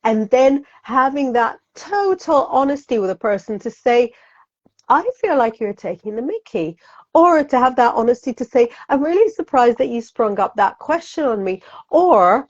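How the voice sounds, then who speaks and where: Woman, bright lively interview talk. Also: fairly high pitch, normal speed, lo-fi sound. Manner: animated, laughs often, acts out inner voices in quotes. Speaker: psychic guest. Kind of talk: conversational interview.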